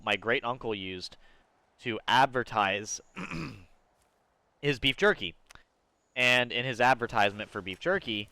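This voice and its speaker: A man from Georgia streaming a game, chatting loosely with viewers in a rambling, profane way with sudden excited jumps in pitch. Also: smooth, no echo. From Georgia, USA. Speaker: gaming streamer. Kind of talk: casual live-stream chat while gaming.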